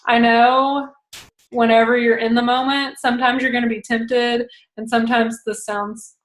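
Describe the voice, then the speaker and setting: A young woman giving casual coaching advice on booking parties, chatty and acting out phone calls in quoted voices. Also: on the high side. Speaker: direct sales consultant coaching a team. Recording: roomy echo.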